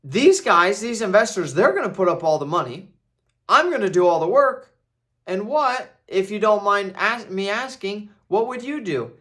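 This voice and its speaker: A sharp, guarded accountant weighs a business deal in a raised, questioning voice, put on by a man retelling a film scene. He sounds businesslike and careful, pressing for what the other partner will actually do. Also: sits high, expressive, normal speed, pitched above the performer's own voice. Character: wary, shrewd middle-aged male accountant.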